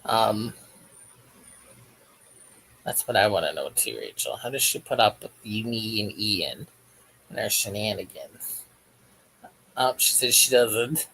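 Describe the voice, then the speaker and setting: A man's voice: on the low side, unhurried, creaky, long pauses, pushed and bright, slight background noise, rough recording. A man hosting a crochet livestream, chatting casually and jokily while reading the live chat aloud as he works.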